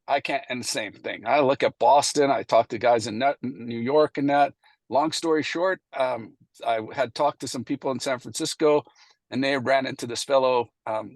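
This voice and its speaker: A man's voice: medium pitch, moderate pace, no room sound. Chatty man telling a story. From Canada. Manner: anecdotal, acts out past dialogue, frequent fillers. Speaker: presenter at a committee meeting. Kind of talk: casual storytelling presentation.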